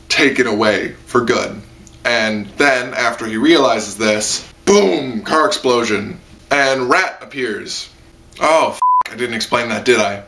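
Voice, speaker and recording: A man giving a casual spoken anime review, rambling with lots of fillers. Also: pushed and bright. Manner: rambling, heavy on fillers, jumps into high-pitched mock quotes.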